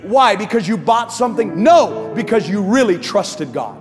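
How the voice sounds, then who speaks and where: Pastor preaching, kinda high voice, big reverby church hall, music going underneath. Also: male voice, sing-song, normal speed. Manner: impassioned preaching, rising to near shouts then dropping low. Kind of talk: sermon. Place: large church auditorium. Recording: live church sound with long hall reverb.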